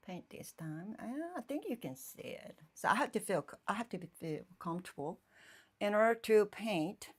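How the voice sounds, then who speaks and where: A woman painter chatting casually on a live stream from her home painting room, thinking aloud in halting phrases and often checking in with her viewers. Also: medium pitch. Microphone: phone streaming live.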